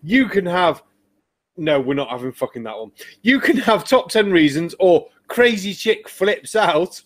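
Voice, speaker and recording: Brief: male show host, raised pitch, blunt and crude, reacts loudly. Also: very animated, a little slow. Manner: swearing, mocking, loud. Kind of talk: casual group chat reacting to videos.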